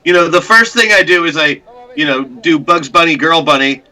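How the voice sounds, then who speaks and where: A man's voice: fairly high pitch, animated, normal speed, bright, forceful tone, rough recording. A man playing a tabletop role-playing game, laughing often as he talks through his plan. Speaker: player.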